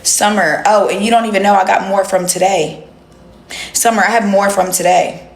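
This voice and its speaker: A woman's voice: mid-range voice, steady tone, moderate pace, creaky, echoey room. A young woman chatting bluntly with viewers on a livestream, swearing freely. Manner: blunt, profane, talks straight to viewers. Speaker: livestream host. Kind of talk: casual livestream chat.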